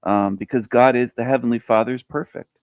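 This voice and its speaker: A man's voice: mid-range voice, steady tone, brisk, clear, resonant tone, no echo, muffled recording. A man joining a faith conversation as a guest, speaking in a heartfelt, affirming way and retelling a story.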